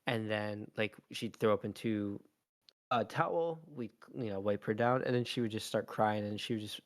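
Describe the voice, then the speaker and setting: A man's voice: on the low side, normal speed, no echo, clean studio sound. A man co-hosting a podcast, telling a long family story in casual chat with lots of ums and likes. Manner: rambling storyteller, many fillers. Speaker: podcast co-host, father.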